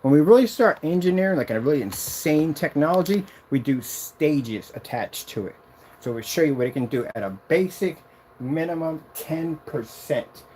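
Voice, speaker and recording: Excited, rambling man with a lively voice. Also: moderate pace, slight background noise. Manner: excited, rambling, boasting about his product; sings snatches of a tune in a high voice. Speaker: product demonstrator. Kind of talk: casual demo vlog.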